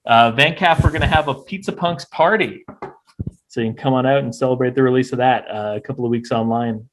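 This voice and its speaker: A man's voice: medium pitch, brisk. A man from the Canadian West Coast, a guest on an online panel, talking casually with playful, hypey announcer bits. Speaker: musician guest.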